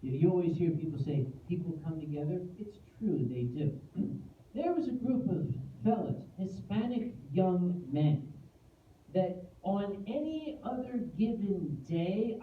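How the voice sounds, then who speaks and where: A man spins an animated, self-mocking tale at a convention, unhurried and fond of asides. He's caught from far back in an echoey hall, and the audio is thin and phone-like, with a faint hum of ambience underneath. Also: a little high. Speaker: convention guest speaker. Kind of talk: comic storytelling speech.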